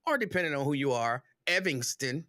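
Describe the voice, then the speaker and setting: A man hosting a livestream talk show, greeting viewers one by one in a relaxed, chatty way. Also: fairly high pitch, moderate pace, no room sound, clean studio sound.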